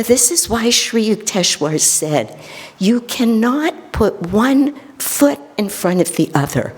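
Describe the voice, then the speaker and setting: Slow, soft-spoken woman minister in a hall. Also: fairly low pitch, breathy edge. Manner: storytelling, drops to soft near-whispers for emphasis. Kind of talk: sermon. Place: temple. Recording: long hall reverb.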